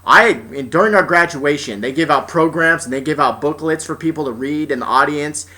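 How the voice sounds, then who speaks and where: A man's voice: on the high side, fairly quick, bright, forceful tone. A young man telling a personal story as an exasperated, profane rant, often restarting his sentences. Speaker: vlogger.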